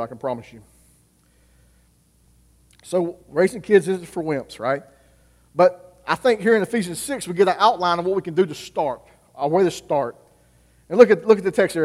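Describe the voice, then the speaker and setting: A man, a youth pastor, preaching a sermon and asking the congregation questions he then answers himself. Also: fairly high pitch. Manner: asks the audience rhetorical questions and answers them. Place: church with reverberant hall. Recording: long reverb of a church hall.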